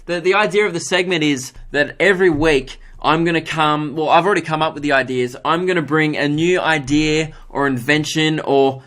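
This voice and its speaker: A young man hosting a casual solo podcast, telling stories in a fairly high voice. He is animated and self-mocking, swears freely, and pops up even higher to mimic the people in his story. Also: normal speed, few pauses. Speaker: podcast host.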